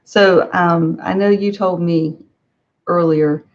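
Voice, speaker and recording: A woman hosts an interview, speaking slowly and in a friendly way. Her voice sounds a little dull and lo-fi, as if the audio was thinned out. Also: fairly low pitch, steady tone, darkish tone. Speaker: interviewer, library host. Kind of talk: interview questions.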